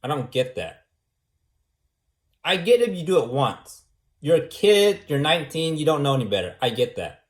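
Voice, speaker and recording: A man's voice: fairly high pitch, sing-song, normal speed, pauses often. A man in a casual monologue who argues his point over and over and keeps asking "right?". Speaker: vlogger. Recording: echoey room.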